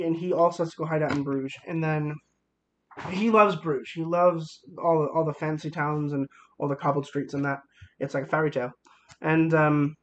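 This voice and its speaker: A young man giving a casual movie review, enthusiastic and rambling, with many fillers and restarts. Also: fairly high pitch.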